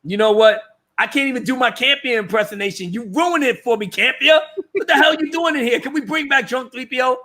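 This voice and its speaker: A man hosting a livestream, ranting loudly in slangy casual commentary, often laughing and restarting his words. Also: extremely high pitch. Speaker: livestream host.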